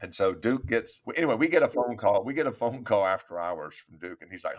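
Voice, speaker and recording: A man hosting an interview, telling an anecdote in a lively, casual way. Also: deep voice, fast, few pauses. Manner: animated anecdote-telling with laughs. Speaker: podcast host, agency owner. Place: office studio.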